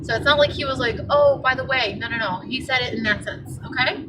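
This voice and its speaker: A young woman vlogger telling a story in a casual, animated, indignant way, full of fillers. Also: on the high side, fast talker, distant mic, noisy background. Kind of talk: casual vlog rant.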